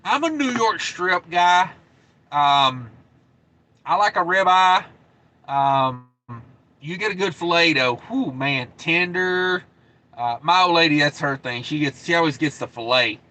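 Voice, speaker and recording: A man's voice: on the high side, expressive, unhurried, sharp tone. A man in his thirties hosting a live trucking stream, chatting casually and reading comments with a laid-back drawl and many fillers. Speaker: trucking channel host.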